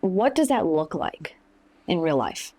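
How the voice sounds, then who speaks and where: A woman interviewer asking calm, thoughtful follow-up questions. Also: lowish voice, measured pace.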